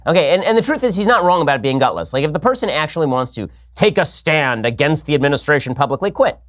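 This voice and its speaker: A man hosting a political commentary show, talking in a rapid, sarcastic, argumentative way. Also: fairly high pitch, expressive, fairly bright tone. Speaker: host.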